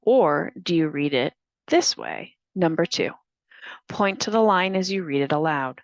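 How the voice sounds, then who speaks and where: A woman narrating a staff training on reading test items aloud, in a clear, deliberate instructional manner. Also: sits low, very animated, no echo, highs cut off.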